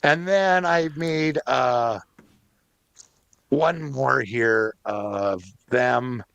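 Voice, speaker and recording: A man's voice: mid-range voice, drawn-out words, creaky, a bit bright, dry recording. A man co-hosting a podcast who rambles and hesitates while showing pictures. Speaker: podcast co-host. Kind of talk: casual podcast chat.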